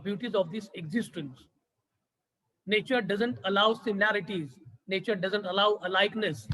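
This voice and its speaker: A man with a Maharashtrian Indian English accent gives a classroom lecture, and his voice sits high for a man. He poses rhetorical questions and restates key phrases to drive points home. The sound carries a long reverb, as in a large hall. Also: a bit bright.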